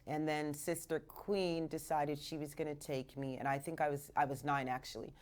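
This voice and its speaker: A woman's voice: low voice, normal speed. Chatty Canadian-raised woman radio host. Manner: chatty and animated, mixing in Jamaican patois phrases. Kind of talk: casual live radio talk. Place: radio studio.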